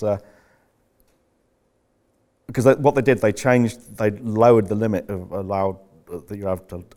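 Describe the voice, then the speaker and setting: An older man with a lowish voice tells loose, rambling stories in a podcast chat. He jokes around, swears freely and keeps drifting off the point before he gets back to business. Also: a little mellow. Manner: rambling, profane, jokey storyteller. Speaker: podcast host. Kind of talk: casual chat.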